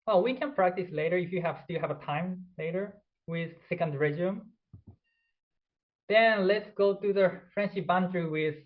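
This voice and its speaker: A man's voice: on the high side, muffled recording. A man whose first language is Japanese, giving a presentation lecture in non-native English and demonstrating pronunciation examples. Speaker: instructor.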